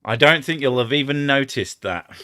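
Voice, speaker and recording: A man's voice: mid-range voice, lively intonation, unhurried, sharp tone, dry recording, clean studio sound. A man with an Edinburgh Scottish accent, hosting a live stream in rambling casual chat, swearing and trying out silly impressions. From Scotland. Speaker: streamer host.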